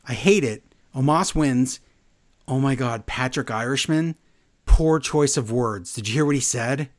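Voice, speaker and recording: A man co-hosting a casual wrestling recap, sarcastic and animated, laughing often as he talks. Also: mid-range voice, unhurried. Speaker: podcast co-host.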